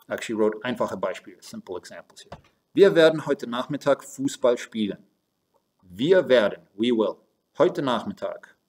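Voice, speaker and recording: Husky and slightly mellow, this man's mid-range voice leads a recorded German grammar lesson. Going stepwise through German and English phrases, he talks to the learners as "you guys."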